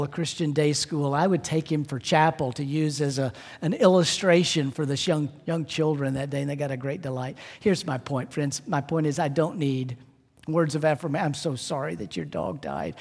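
A middle-aged man preaching a sermon as pastor, telling a personal story and closing in prayer, moving between lively and hushed delivery. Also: on the high side. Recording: long hall reverb.

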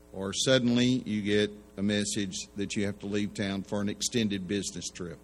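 A man preaching a sermon in a folksy way, telling jokes and acting out the voices in his stories. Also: medium pitch. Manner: folksy joke-telling, acts out voices in anecdotes. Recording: long hall reverb.

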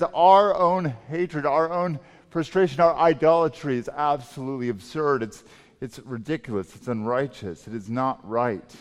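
A man preaching a sermon as pastor, emphatic and swinging between loud and soft delivery. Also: fairly high pitch. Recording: long reverb of a large hall.

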